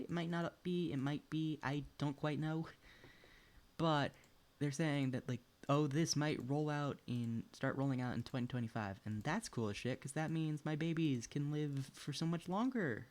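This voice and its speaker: A man's voice: on the high side, animated, moderate pace, a little mellow. A young man chatting casually while streaming a farming game at home, rambling, swearing often and laughing between thoughts. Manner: talks to a pet and chat while playing. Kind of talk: casual gaming chat.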